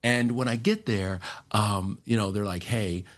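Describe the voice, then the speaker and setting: A man telling stories as a guest in a casual podcast interview, acting out quotes with lively energy. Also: lowish voice, moderate pace. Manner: animated, acts out quotes in other voices. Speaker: entertainment and sports TV host, guest.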